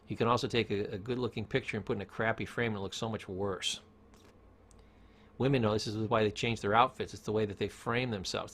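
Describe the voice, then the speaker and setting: A man's voice: lowish voice, a bit bright. A middle-aged man, a former therapist, giving a casual, emphatic self-help lecture and acting out quotes. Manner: conversational, emphatic, acts out quotes.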